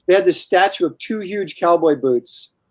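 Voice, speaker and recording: A man's voice: high-pitched, normal speed, darkish tone, no echo. Rambling man chatting on a dry mic. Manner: rambling, self-interrupting, chuckles often. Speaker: host. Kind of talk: casual chat while drawing.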